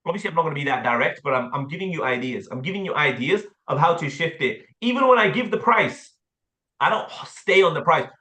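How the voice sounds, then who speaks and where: A man with an English accent coaching a sales team, blunt and animated, with casual slang and the odd swear word. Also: on the high side, brisk, roomy sound. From England. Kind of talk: sales training talk with role-play.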